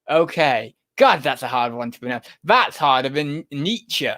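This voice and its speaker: A man's voice: medium pitch, expressive, unhurried, hardly any pauses, fairly bright tone. A young British man hosting a casual livestream, rambling to viewers in the chat. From United Kingdom. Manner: rambling, talks to viewers and to his cat. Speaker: livestream host, online reseller.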